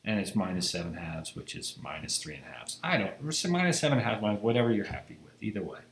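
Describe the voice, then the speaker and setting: A man's voice: on the low side, fast talker, vocal fry, fairly bright tone. A man teaching a math lecture, emphatic and rhetorical, checking in with "right?" after most points. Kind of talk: recorded lecture. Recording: echoey room.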